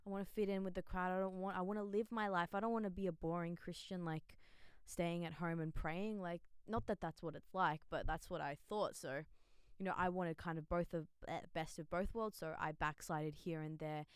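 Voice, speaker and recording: A young woman shares her faith story in a casual, candid vlog, full of "like" fillers and easy laughter. Her fairly low voice is steady, brisk and smooth, in a dry recording. It's casual spoken testimony, chatty and open.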